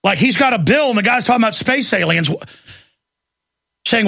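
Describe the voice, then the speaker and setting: A man with a high, gravelly voice rants through a fiery talk-show monologue. His tone is forceful and tense, often breaking into shouts. The sound is dry and close, with no room echo. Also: animated, fairly quick. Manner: ranting, fiery delivery with bursts of shouting. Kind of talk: heated monologue.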